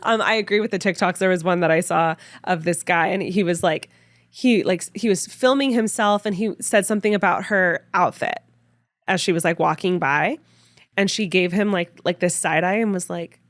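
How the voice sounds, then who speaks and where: A woman's voice: on the low side, no room sound, studio quality. A woman co-hosting a relationship advice podcast, chatting casually with blunt, emphatic remarks. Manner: emphatic, quick agreement, blunt asides. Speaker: podcast co-host. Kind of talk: casual chat.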